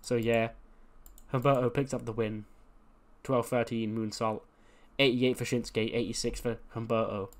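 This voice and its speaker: A man's voice: medium pitch, level tone, moderate pace. A man casually commenting on a wrestling booking game, playful and chatty, acting out the scenes. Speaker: gaming video host.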